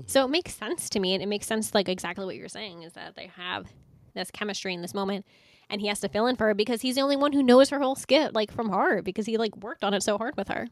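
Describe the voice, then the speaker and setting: A woman's voice: medium pitch, fast, no room sound. A woman co-hosting a podcast, chatting casually about a TV episode, laughing often and saying "like" a lot. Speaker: podcast co-host. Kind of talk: casual TV episode recap chat.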